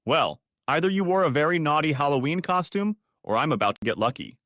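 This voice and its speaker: A man plays a sarcastic, frustrated husband, firing off exasperated questions in a voice pitched above his own. It comes out fairly high and bright, with lively intonation and a fairly quick pace. The studio-quality recording has no room sound.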